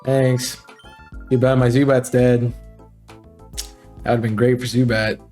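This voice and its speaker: A man's voice: mid-range voice, flat delivery, takes it slowly, warm tone, soft background music. A man hosting a let's play, talking in a casual, rambling way with fillers and joking asides. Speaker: gaming channel host.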